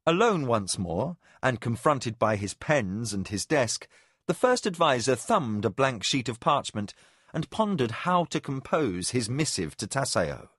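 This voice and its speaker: Male narrator, audiobook reading, lively pitch, measured storytelling, dry recording. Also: slightly rough, dry recording. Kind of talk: scripted narration.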